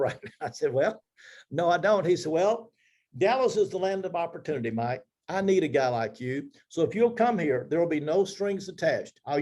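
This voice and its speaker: A man's voice: fairly high pitch, dark tone. A man in his seventies telling a personal career story to his team, acting out the dialogue as he goes. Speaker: business leader speaking to his team.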